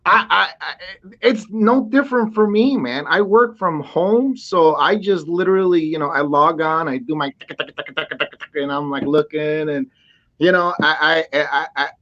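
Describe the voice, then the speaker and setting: A man joining a live stream as a guest, excitable and stammering, laughing through his stories. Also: a little high, moderate pace. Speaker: viewer guest. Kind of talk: casual live stream chat. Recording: dull lo-fi stream audio.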